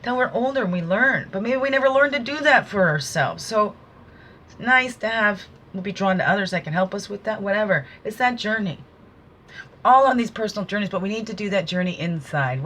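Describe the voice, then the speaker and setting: A woman's voice: mid-range voice, fairly bright tone. A woman talking through an oracle card reading, giving casual, earnest spiritual guidance with preachy asides.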